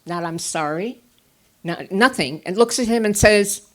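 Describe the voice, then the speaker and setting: A woman therapist speaks to a conference audience from the stage, mixing teaching with stories from her own life. Her pitch sits in an ordinary middle range. She moves from hushed, dry asides to sudden emphatic bursts. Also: measured pace. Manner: animated storyteller, swings from quiet asides to emphatic bursts. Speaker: therapist giving a conference talk. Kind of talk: live conference lecture with personal stories.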